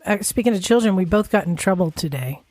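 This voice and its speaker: A woman co-hosting a casual podcast chat, telling anecdotes in an animated way and laughing often. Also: fairly low pitch, fast, no echo. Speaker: podcast co-host.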